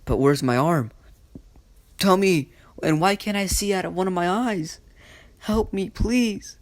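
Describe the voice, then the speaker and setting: A man's voice: a little slow, gravelly, breathy edge. A man doing a frightened young boy ninja. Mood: pleading. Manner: rising high and strained when panicked.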